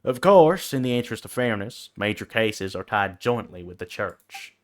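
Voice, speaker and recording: A man's voice: on the low side, expressive, moderate pace, natural voice. A man reading out lines for a stern female knight commander in a silly cowboy voice, formal and stately. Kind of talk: reading game dialogue aloud on stream.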